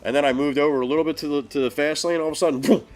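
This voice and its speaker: A man on a casual live stream, telling road stories in an animated way and swearing a lot. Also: fairly high pitch, rapid-fire, soft background music. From northeastern US. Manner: animated storytelling, heavy swearing. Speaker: podcast co-host.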